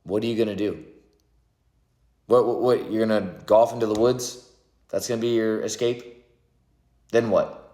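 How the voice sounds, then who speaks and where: A man's voice: lowish voice, steady tone, normal speed, long pauses, dark tone. A man in his thirties talks through a rambling, reflective spiritual monologue, filling it with "like" and "right?" and swearing often. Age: 30s. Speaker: vlogger. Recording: echoey room.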